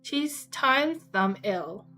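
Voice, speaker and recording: A woman voicing a dry, teasing older gentleman, speaking in a wry, unhurried way. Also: mid-range voice, expressive, faint music behind, exaggerated voice, low-quality recording.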